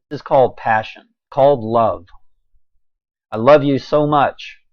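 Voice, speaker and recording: A man delivering a preachy, impassioned monologue, swinging between a raised voice and quiet intensity. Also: medium pitch, dry recording, highs cut off. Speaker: video blogger.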